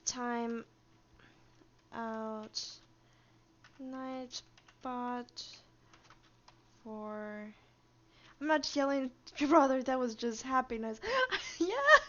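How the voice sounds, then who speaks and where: A woman's voice: fairly high pitch, steady tone, very slow, pauses often, dull audio. A woman streamer chatting casually on a live stream, rambling and easily amused.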